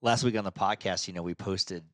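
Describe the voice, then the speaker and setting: A man's voice: sits low, fairly quick, no echo, clean studio sound. A man with a nasal voice co-hosting a podcast, chatting casually and rambling through his stories. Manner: rambling, restarts his thoughts. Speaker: podcast co-host. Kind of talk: casual chat. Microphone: studio mic.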